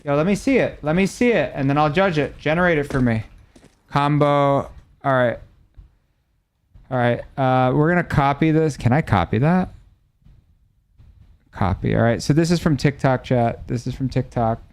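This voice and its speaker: Streaming live, a young adult man chats casually and reacts animatedly to his viewers, alternating between loud and soft. He has a medium-pitched voice at normal speed and pauses often.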